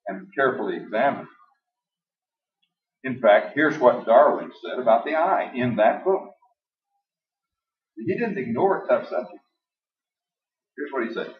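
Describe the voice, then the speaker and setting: A man preaching a sermon in a church hall, emphatic and folksy, slowing down to stress the passages he quotes aloud. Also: mid-range voice. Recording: echoey, distant, dull live church recording.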